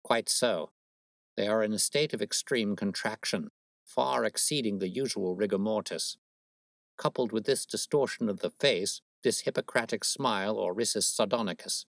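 A man's voice: on the low side, moderate pace, vocal fry, dry recording. A man voicing a cool, precise male detective who explains his reasoning in a dry, lecturing way, read as a storybook. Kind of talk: storybook reading.

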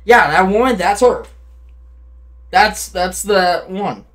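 A man with a fairly high voice gives casual gameplay commentary with a friend. He is crude and joking, trading insults as he talks. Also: lively intonation, slow, a bit bright. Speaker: gaming commentator.

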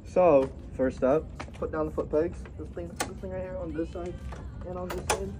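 A man's voice: a little high, moderate pace, noisy background. A man giving playful, teasing how-to instructions about riding as a passenger on a motorcycle. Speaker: biker vlogger. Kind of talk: casual how-to talk. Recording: music playing clearly behind the voice.

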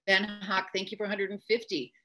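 A woman's voice: mid-range voice, level tone, fairly quick, sharp tone, a little hiss or hum. An older woman emceeing a virtual gala, gushing over donors and laughing a lot. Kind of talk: lively banter.

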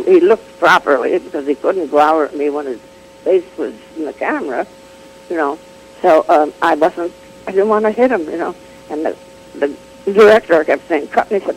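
An older woman chatting as an interview guest, telling an animated anecdote full of restarts, laughs and acted-out quotes. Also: on the low side, a little hiss or hum, low-quality recording. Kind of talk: casual chat, telling an anecdote.

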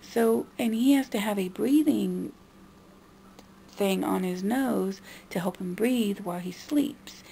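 A young woman vlogger vents to her camera in a frustrated monologue, mimicking others in a high, nagging voice. Her middle-pitched voice is gravelly and fried yet mellow, her pace slow, and a faint hiss of noise sits beneath it.

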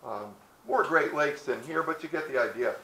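A man's voice: on the high side, normal speed, pushed and bright, echoey room, a little hiss or hum, rough recording. A man giving a history talk outdoors, telling stories in a folksy way and acting out the characters. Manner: storytelling, folksy, acts out characters with hesitations. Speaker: presenter.

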